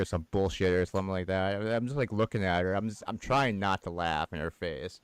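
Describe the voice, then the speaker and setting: Gaming on a stream from his home, a US man chats casually and tells a story, laughter breaking up his sentences. He speaks briskly with few pauses, in a low, clear, resonant voice.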